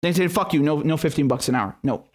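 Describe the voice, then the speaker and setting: A man delivers political commentary in an angry, mocking rant, swearing freely as he goes. His voice sits fairly high for a man. He talks like a host speaking straight to his viewers. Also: fast talker. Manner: angry, sarcastic, profane, mocking.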